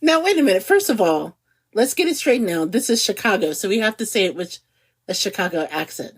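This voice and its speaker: A middle-aged woman co-hosting a podcast in casual chat, animated and giggly, stretching words for emphasis. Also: mid-range voice, brisk, husky. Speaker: podcast co-host.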